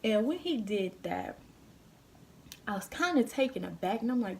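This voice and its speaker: A woman's voice: on the high side, big pitch swings, moderate pace, pauses often, darkish tone, slight background noise. A woman vlogger telling a story straight to her viewers in a blunt, heated, casual way, swearing freely. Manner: addresses viewers directly.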